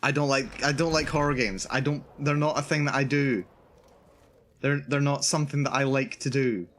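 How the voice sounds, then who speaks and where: A man's voice: medium pitch, fairly even intonation, moderate pace, a bit bright. A male streamer giving live commentary on a horror game, nervous and repeating himself as he narrates his own fear. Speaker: VTuber streamer.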